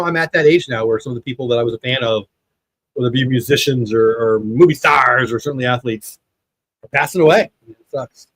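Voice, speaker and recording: Fifties guy rambling thru a live ball game watch party, dry close sound, reads chat out loud. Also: medium pitch, no room sound, poor audio. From United States. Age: 50s. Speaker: livestream watch party host. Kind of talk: casual live baseball commentary.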